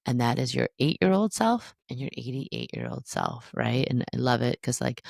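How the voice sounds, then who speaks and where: A man talks straight into a close podcast mic, his voice gravelly with fry at the ends of phrases. He gives casual spiritual guidance in a chatty, playful way, full of likes and rights, with some cheeky swearing. The sound is dry and close. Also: medium pitch, wildly swooping pitch, normal speed, darkish tone, no room sound. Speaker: astrologer podcast host.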